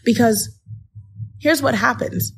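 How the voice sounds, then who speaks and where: A woman's voice: a little high, slow, gravelly, fairly bright tone, a little hiss or hum. A woman podcast host telling a personal story in an earnest, encouraging way, speaking straight to the listener as a friend. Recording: music playing underneath.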